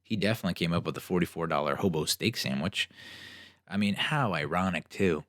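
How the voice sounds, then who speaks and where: Deep-voiced sarcastic man telling stories. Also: fairly quick, no echo, clean studio sound. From New Jersey. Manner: animated, sarcastic, acts out other people's lines. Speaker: podcast host. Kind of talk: casual solo storytelling.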